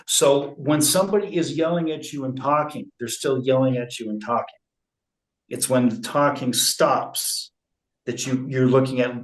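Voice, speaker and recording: A man speaking in an interview about conflict resolution, slow and measured, with frequent fillers and restarts. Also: medium pitch, roomy sound, rough recording. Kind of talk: relaxed interview talk.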